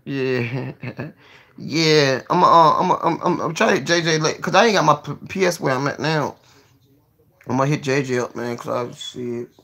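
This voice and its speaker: Gravelly, excitable man ranting on a livestream. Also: on the high side, normal speed. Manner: profane, excitable, jumps between mumbling and yelling. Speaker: livestream host. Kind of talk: casual livestream rant to viewers.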